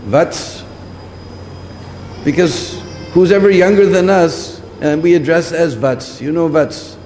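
A man's voice: on the high side, slow, a little mellow, faint music behind. Preacher man in a reverberant hall. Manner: repeats points, asks listeners "hmm?" often. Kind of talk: scriptural lecture. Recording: long hall reverb, faint background noise.

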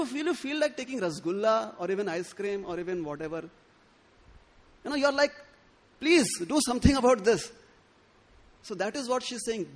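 Preaching from scripture, a man acts out the quotations with expressive flair, raising his pitch and stumbling into stammered restarts.

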